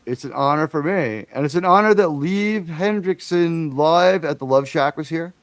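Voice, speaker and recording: A man's voice: on the high side, moderate pace, no echo. A man hosting a casual livestream, rambling and chatty, with enthusiastic, profane asides. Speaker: livestream host.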